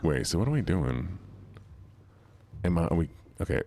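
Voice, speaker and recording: A man with a Southern US accent, streaming and talking excitedly to his chat, laughing and swearing as he plays. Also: deep voice, moderate pace. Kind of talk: casual gameplay commentary.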